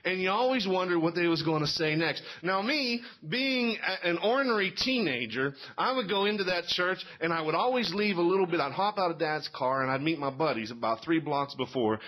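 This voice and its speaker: A man's voice: fairly high pitch, animated, fairly quick, hardly any pauses, sharp tone. A middle-aged man telling folksy stand-up stories and quizzing a live audience in a small cafe. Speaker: comedian.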